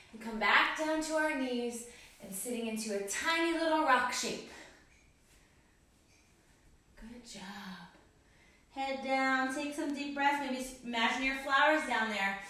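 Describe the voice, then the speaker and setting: Speaking from a distance in an echoey room, a woman with a high-pitched, sharp voice guides kids through a yoga class. As a kids yoga instructor, she encourages them and cues every breath and pose.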